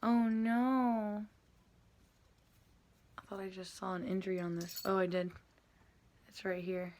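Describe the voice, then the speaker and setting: A woman's voice: mid-range voice, flat delivery, unhurried, darkish tone. A woman vlogging casually at home, calling to her cat in sing-song, coaxing baby talk.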